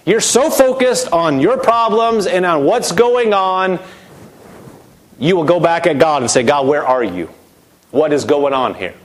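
A man's voice: a little high, expressive, measured pace. A middle-aged man preaching a sermon, emphatic, his voice rising and dropping sharply as he acts out quoted voices.

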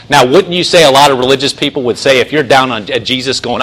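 A man preaching a sermon in a conversational way, often restarting and slowing down to stress phrases. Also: mid-range voice, a bit bright, poor audio. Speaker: pastor.

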